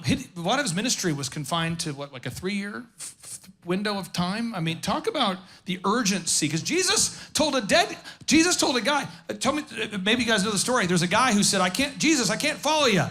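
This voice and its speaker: A high-pitched man with a bright, cutting tone runs a business seminar. He talks fast and jokes a lot, and he keeps tossing quick questions at the audience in the auditorium. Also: big pitch swings. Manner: fast, jokey, riffing asides and audience questions. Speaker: business conference speaker. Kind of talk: energetic live seminar talk. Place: conference auditorium stage.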